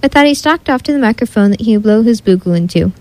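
A woman reads a children's story aloud with an expressive, animated delivery. Her voice sits fairly high, and the recording is dry and close. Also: quick pace, no echo, rough recording. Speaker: narrator. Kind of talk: storybook narration.

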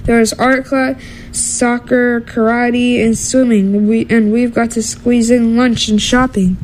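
A woman reading as a hurried, overwhelmed mother bear. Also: fairly high pitch, level tone, darkish tone, a little hiss or hum, poor audio. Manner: brisk, urgent.

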